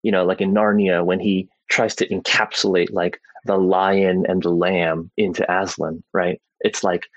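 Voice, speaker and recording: A man's voice: low voice, flat delivery, a little slow, hardly any pauses, no echo, dull audio. A man and father giving a casual Bible teaching, talking conversationally and often checking in with "right?" along the way. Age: adult parent. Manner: conversational, tags sentences with "right?", frequent "like" and "you know".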